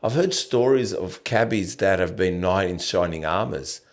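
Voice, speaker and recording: A man hosting a podcast who chats casually in a rambling, reflective way, often halting and restarting his sentences. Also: low voice, animated. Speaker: podcast host. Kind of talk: casual conversational interview.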